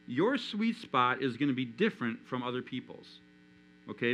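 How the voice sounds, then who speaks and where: A man preaching a sermon in a church, animated, acting out the inner voices of his listeners. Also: mid-range voice, slight background noise, low-quality recording. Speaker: pastor.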